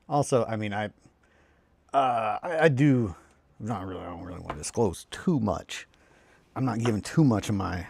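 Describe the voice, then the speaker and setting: A man's voice: fairly low pitch, gravelly, darkish tone, slight background noise. A man chatting casually while building models on a hobby stream, rambling, swearing freely and cutting himself off mid-sentence. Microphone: close desk mic.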